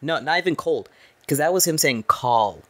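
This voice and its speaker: A man's voice: a little high, a little fast, a bit bright. A man guest on a casual movie-review podcast, joking and explaining his points.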